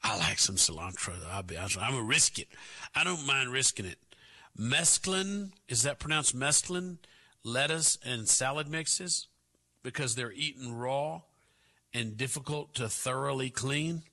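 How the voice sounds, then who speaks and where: A man hosting a talk radio show, delivering sarcastic commentary with drawn-out asides. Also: medium pitch, lively intonation, sharp tone.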